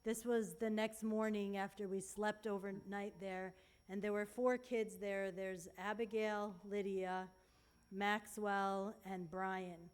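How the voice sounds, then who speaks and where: An earnest woman speaks to a church congregation as she walks them through slides. Her voice sits at an ordinary middle pitch. Heartfelt, she sometimes sinks almost to a whisper. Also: level tone, slow pace, clear, resonant tone. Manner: earnest and heartfelt, with soft hushed moments. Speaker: church member reporting on a mission trip.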